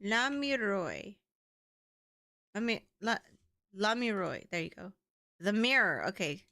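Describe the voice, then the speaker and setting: Woman, young adult, game streamer, giggly, playful, unhurried delivery, bouncy pitch. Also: lively intonation, sharp tone, no echo, clean studio sound. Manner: giggly, playful, chatting with viewers. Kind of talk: casual livestream chat.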